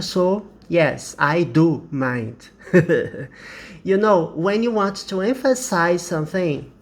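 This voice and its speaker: A man with a Brazilian Portuguese accent teaching an English lesson, explaining carefully and repeating example sentences. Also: sits high.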